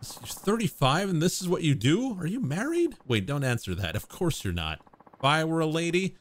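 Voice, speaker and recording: Man reading a sarcastic tough guy: blunt and slangy, lively, somewhat high voice. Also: moderate pace. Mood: exasperated. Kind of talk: reading game dialogue aloud with voices.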